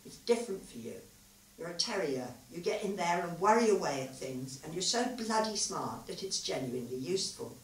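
A woman reading aloud the lines of a weary, earnest male physicist, quiet and confiding. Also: fairly low pitch, very animated, fairly quick. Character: thoughtful, weary male physicist, gentle lover. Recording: echoey hall, mic far off.

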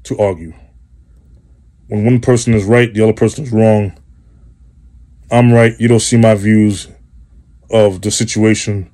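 A man's voice: on the low side, steady tone, unhurried, long pauses, mellow. A man hosting a show, delivering a rambling, profane comedic monologue. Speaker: host.

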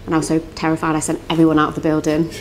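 Young woman, London accent, chatty, giggly, lower voice, faint noise. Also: completely flat delivery. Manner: chatty, giggly, quick-talking. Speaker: singer and songwriter, interview guest. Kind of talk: casual interview chat.

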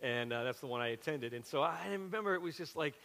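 A middle-aged male pastor from South Carolina with a Southern accent, preaching a sermon in a chatty, animated storytelling way with frequent asides. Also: medium pitch, quick pace. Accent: Southern with a Western Pennsylvania twist. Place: church sanctuary. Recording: long hall reverb from a church sanctuary.

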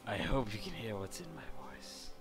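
A man's voice: lowish voice, lively intonation, normal speed, music in the background. A young man from California, commenting casually on a video game, rambling with many fillers, restarts and casual swearing. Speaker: let's play host.

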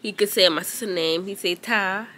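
A woman's voice: medium pitch, normal speed, sharp tone. A young woman, vlogging casually as a mother, rambling and emotional with many fillers. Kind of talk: casual vlog talk.

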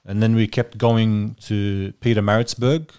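Guest: a New man with a lowish voice who rambles through stories in relaxed podcast chat. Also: measured pace, clean tone. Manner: rambling storyteller, many fillers. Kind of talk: casual chat.

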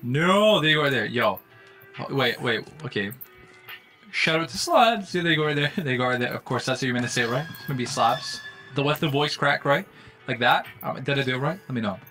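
A young man live-streaming a game, chatting with viewers in slang and breaking into loud exclamations. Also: medium pitch, fast talker. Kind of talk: live-stream gaming commentary. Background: faint music.

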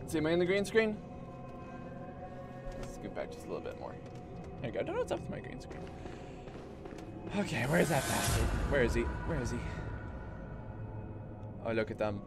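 A man streaming a video game live, swearing and shouting at the enemies as he plays. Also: mid-range voice. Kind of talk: live gameplay commentary. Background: game music.

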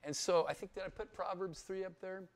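A man's voice: sits high, fairly even intonation, fairly quick. A man teaching the Bible in a casual, conversational sermon, often checking in with his listeners. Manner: chatty, keeps checking in with "yeah?". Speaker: pastor.

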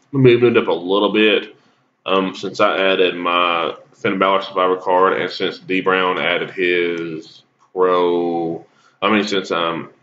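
A man's voice: deep voice, fairly bright tone, dull audio. A man giving rambling, casual commentary on a mobile game, coughing and sneezing with a cold. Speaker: gaming YouTuber.

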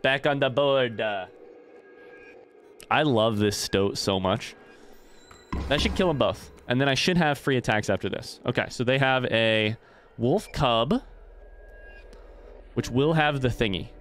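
A man's voice: mid-range voice, lively intonation, a little slow, pauses often, fairly bright tone, a little hiss or hum. A man streaming a video game, thinking aloud in casual commentary and swearing freely. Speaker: let's play streamer.

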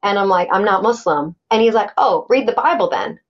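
A woman's voice: mid-range voice, lively intonation, brisk, muffled recording. A middle-aged woman recounting a personal story as a podcast guest, animatedly acting out quoted dialogue with many restarts.

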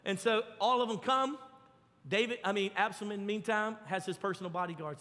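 A man preaching a sermon, telling the story with lively acted-out voices. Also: high-pitched, fairly quick, big-room sound. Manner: animated storytelling, acts out voices. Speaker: pastor. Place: church.

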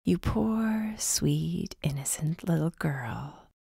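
A woman voicing a menacing young witch who taunts in a breathy whisper. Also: deep voice, expressive, slow pace, mellow, no echo, clean studio sound, full character voice. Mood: whispered menace.

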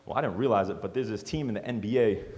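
Fast-talking man telling stories in a hall. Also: fairly low pitch, a little hiss or hum. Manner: animated, joking storyteller. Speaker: motivational speaker. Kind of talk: storytelling speech to an audience. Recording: long hall reverb.

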